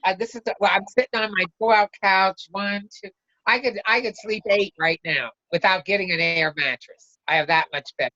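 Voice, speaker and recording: A woman's voice: mid-range voice, brisk, sharp tone, no room sound. A woman in training as a travel agent, chatting on a video call from her couch at home and rambling with many restarts. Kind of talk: casual video call chat. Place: home, sitting on a pull-out couch. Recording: dull lo-fi call audio.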